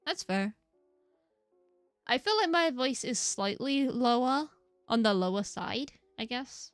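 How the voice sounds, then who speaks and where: A woman streaming a game, chatting casually, giggly and rambling, with lots of upward inflections and a slightly croaky voice. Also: on the high side, lively intonation, takes it slowly, no echo, faint music behind. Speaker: VTuber streamer. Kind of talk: casual live-stream chat while gaming.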